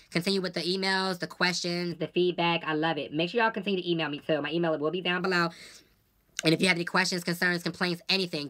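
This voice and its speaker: Fast-talking blunt woman vlogger. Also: lowish voice. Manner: blunt, profane, animated storytelling. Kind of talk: casual venting to camera.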